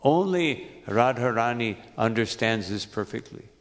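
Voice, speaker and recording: A man's voice: medium pitch, lively intonation, unhurried, long reverb tail. A man speaking as an earnest devoted queen.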